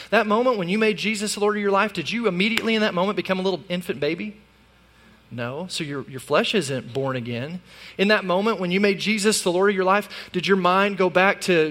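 A man preaching a sermon as pastor, conversational and animated, with sudden loud peaks. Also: sits high, in a large hall.

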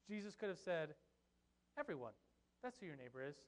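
A young man preaching a sermon as pastor, telling a Bible story in an animated, joking way with asides to his congregation. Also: on the high side, unhurried.

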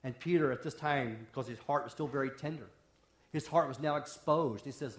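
A man preaching a sermon as a pastor, impassioned, swinging from raised intensity down to a near hush. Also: medium pitch, a little fast. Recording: roomy echo.

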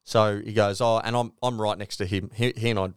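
A man's voice: fairly low pitch, fairly even intonation, fairly quick, clear, resonant tone, no room sound, clean studio sound. Laid-back Australian man telling a yarn. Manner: storytelling, swears freely, acts out quotes. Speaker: podcast co-host. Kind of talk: casual sports chat.

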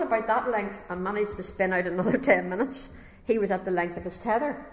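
A woman's voice: mid-range voice, fairly quick. A woman preaching a sermon, reading a testimony aloud and breaking off for conversational asides. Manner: conversational asides between passages read aloud. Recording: echoey hall reverb.

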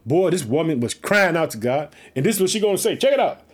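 A man preaching with excitement, reading a Bible story aloud and repeatedly urging listeners to trust God. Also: on the high side, fast, husky.

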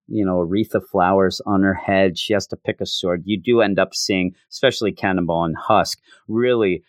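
A man's voice: fairly low pitch, no echo, studio quality. A man hosting a podcast, talking through a comic in a rambling, self-interrupting way. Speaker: podcast host. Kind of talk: casual comic book review.

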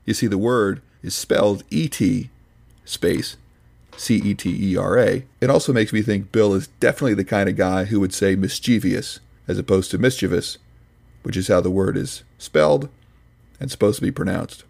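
A man's voice: on the low side, moderate pace, vocal fry, a little mellow. A man hosting a podcast, reading scripted commentary in a dry, mock-serious, pedantic manner. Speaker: podcast host reviewing another podcast.

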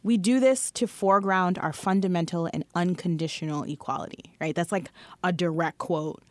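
A woman's voice: fairly low pitch, normal speed, no echo. A woman co-hosting a podcast in casual chat, emphatic and blunt, laughing often. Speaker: podcast co-host.

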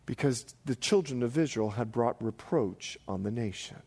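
A man in his forties, a pastor preaching a sermon to a congregation with animated storytelling, acting out the voices he quotes. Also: medium pitch, moderate pace, husky. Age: 40s. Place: church hall before a live congregation.

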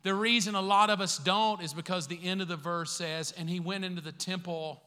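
A man's voice: high voice, steady tone, fairly quick, pushed and bright, smooth. A man preaching a sermon as pastor, conversational and acting out the voices he quotes. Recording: long hall reverb.

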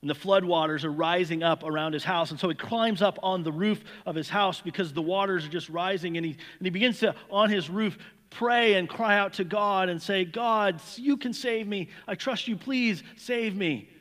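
A man's voice: high-pitched, steady tone, a little fast, fairly bright tone. A man preaching an earnest, emphatic sermon that weaves in an illustrative story. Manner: earnest, emphatic, repeats words. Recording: long hall reverb.

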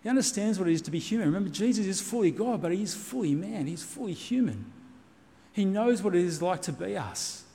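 A man's voice: high voice, lively intonation, fairly quick, warm tone, long reverb tail. A man preaching a sermon as pastor, earnest and reassuring, repeating key points for emphasis. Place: church.

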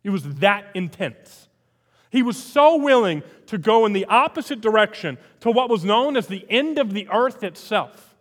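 A man's voice: high voice, lively intonation, normal speed, long reverb tail. A man preaching a sermon as pastor, emphatic, repeating phrases for emphasis.

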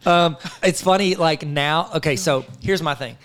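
A man's voice: a little high, fairly bright tone. A married man from Central Arkansas co-hosting a casual chat, joking and laughing often. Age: adult, married. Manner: quick, jokey, laughs often. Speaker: podcast co-host.

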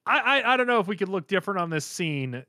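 A man co-hosting a casual chat, animated and laughing often as he acts out characters' lines. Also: high voice, fast talker, no room sound, studio quality. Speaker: podcast co-host reacting to an anime episode.

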